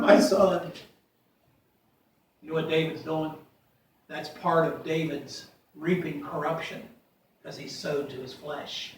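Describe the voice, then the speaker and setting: A man preaching a sermon. He reads scripture aloud and swings from loud, rising readings to quiet asides. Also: fairly high pitch, steady tone, measured pace, slight background noise. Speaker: pastor. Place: church sanctuary. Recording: echoey church from far off.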